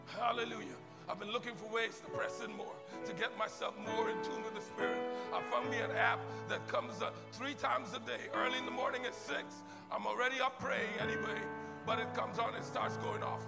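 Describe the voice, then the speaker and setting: A male pastor preaching an impassioned sermon that climbs into shouted worship, addressing his congregation in a church sanctuary. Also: high voice, fairly quick, vocal fry, loud music behind the voice. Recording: long reverb of a large hall.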